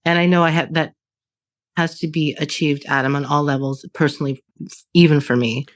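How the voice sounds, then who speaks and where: Woman almost forty chatting on a podcast, swears a lot, laughs, talks pretty animated. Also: deep voice, fairly quick. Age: 30s. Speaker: podcast co-host. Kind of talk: casual conversation.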